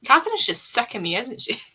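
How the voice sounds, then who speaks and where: A Scottish woman hosts a relaxed online reading session, talking with friends over a desk mic on a video call. Her voice is bright and forward, and she rambles in a chatty, self-deprecating way, often laughing at herself. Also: a little high, moderate pace, husky. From Scotland. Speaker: host of a reading sprint livestream. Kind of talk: casual chat.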